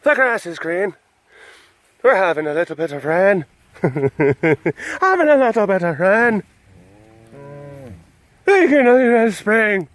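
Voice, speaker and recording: A man's voice: very animated, slow, pauses often, a bit bright, exaggerated voice. Man putting on a lilting British Isles accent. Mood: gushing. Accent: put-on British Isles accent. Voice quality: high, lilting, singsong. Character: cheery man gushing about spring weather.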